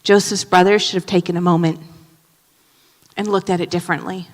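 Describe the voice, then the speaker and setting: A woman pastor preaching a sermon in an animated way, moving between loud emphasis and hushed asides. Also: lowish voice, a little fast, in a large hall. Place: church sanctuary.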